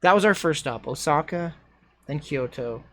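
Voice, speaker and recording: A man streaming casual commentary over his old travel videos, rambling and self-deprecating, quick to exclaim. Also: fairly high pitch, animated, very noisy.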